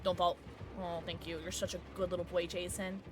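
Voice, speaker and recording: Talking a little fast in a lowish voice, a young streamer gives live gameplay commentary and chats with her audience. Sudden frights make her shriek before she goes back to chatting and apologizing.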